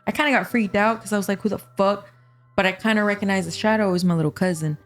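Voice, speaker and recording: A woman's voice: medium pitch, fast talker. A young adult woman telling a spooky story in casual chat, swearing a lot and acting out what people said. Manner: profane, animated storyteller acting out quotes. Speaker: guest.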